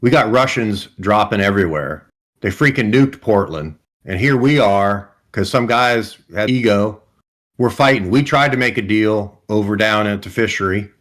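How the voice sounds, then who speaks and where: A man's voice: on the low side, moderate pace, fairly bright tone, close to an everyday voice. A man voicing an earnest adult male survivor in a tabletop game, making a blunt, persuasive plea for peace.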